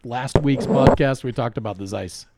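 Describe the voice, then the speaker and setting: A man's voice: mid-range voice, normal speed, very noisy. A man co-hosting a podcast in casual chat, steering the conversation back on track and laughing easily. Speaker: podcast co-host.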